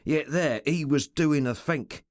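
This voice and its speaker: A man voicing a rough, loyal henchman who argues in coarse common speech, with a soft purr and a snarling undertone. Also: fairly high pitch, a little slow, dry recording, clean studio sound, voice pushed up, close to an everyday voice. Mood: fretful. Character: rough loyal male henchman, fretful and scrappy.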